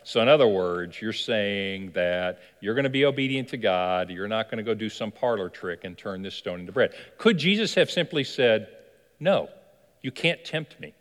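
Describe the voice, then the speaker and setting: A man's voice: on the low side, animated, moderate pace, few pauses. A man preaching a sermon as pastor, telling a story animatedly and asking the listeners questions. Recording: long hall reverb.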